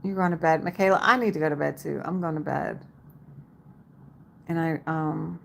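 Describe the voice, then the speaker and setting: A woman's voice: low voice, creaky, a little hiss or hum. A woman hosting a casual livestream from her home, chatting and laughing with viewers and reading their comments aloud by name. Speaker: livestream host. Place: home in Las Vegas.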